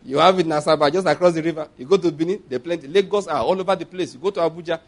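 A male preacher with a notably high voice delivers a sermon in a loose, conversational way. He throws questions back at the congregation and drifts into chatty asides. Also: very fast. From Nigeria. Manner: conversational preaching with asides and laughter, call-and-response.

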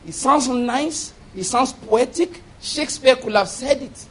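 A man with a notably high voice delivers a sermon. He drives his points home with repeated phrases and call-and-response questions like "It is by what?", pressing the listeners hard. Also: a little slow, breathy edge. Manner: repeats key phrases for emphasis. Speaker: preacher.

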